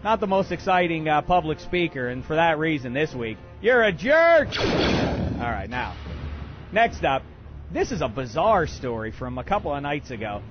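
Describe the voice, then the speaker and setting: A man hosting a comedic sports talk radio show, ranting in an excitable, bombastic way with many uhs. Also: on the high side, a little fast, dull audio, over music. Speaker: radio host.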